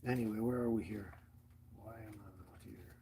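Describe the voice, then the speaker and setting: A man's voice: fairly low pitch, steady tone, moderate pace, vocal fry, warm tone, a little hiss or hum. A man hosting a casual livestream, rambling and chuckling as he greets viewers by name and talks to his dog. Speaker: livestream host.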